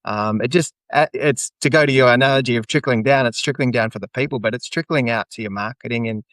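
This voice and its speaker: A man's voice: medium pitch, fast talker, a bit bright, dry recording. A man hosting a podcast interview in casual chat, speaking hesitantly with many restarts. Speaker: podcast host.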